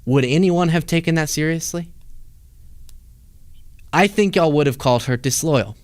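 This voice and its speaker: A man's voice: on the high side, moderate pace, dry recording. A man hosting a political commentary show, reacting to interview clips with sarcastic, mocking asides. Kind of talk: casual commentary over clips.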